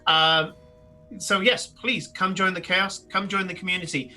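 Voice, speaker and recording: A man running a tabletop game stream, his voice very bright and a little high for a man. He rambles through thanks and plans, full of ums and restarts. Faint music plays under him. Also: fairly even intonation, a little slow. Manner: rambling, lots of fillers and restarts. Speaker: game master. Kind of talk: live-streamed tabletop game, narrating and chatting.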